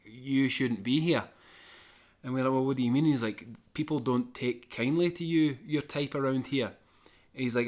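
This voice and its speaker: A man spinning a travel story for a podcast, his voice sitting at an ordinary middle pitch. He tells it in an animated, conversational way, with small chuckles between the lines. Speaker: podcast co-host. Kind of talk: casual storytelling.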